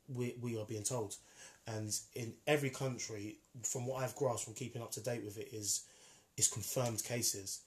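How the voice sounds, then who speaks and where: Guy arguing hard, keeps repeating himself, mid-pitch voice. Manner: emphatic, argumentative, repeats himself. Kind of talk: casual debate.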